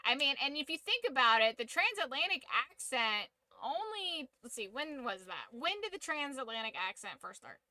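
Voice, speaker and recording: A woman's voice: high-pitched, sing-song, moderate pace, few pauses, pushed and bright, no room sound. A woman hosting a casual livestream, giving an opinionated, profanity-laced rant. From United States. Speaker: streamer and channel host.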